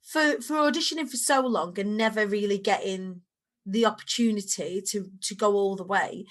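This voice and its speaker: A woman in her thirties with a Lancashire accent, a podcast guest telling her story in animated conversation. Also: mid-range voice, normal speed. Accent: Lancashire English. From England. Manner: animated storytelling, rising sharply when excited. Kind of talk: conversational interview.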